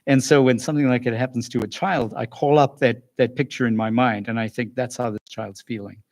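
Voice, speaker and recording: A man giving a calm, earnest talk to parents as a school psychologist, pausing and restarting now and then. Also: mid-range voice. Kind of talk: recorded lecture for parents.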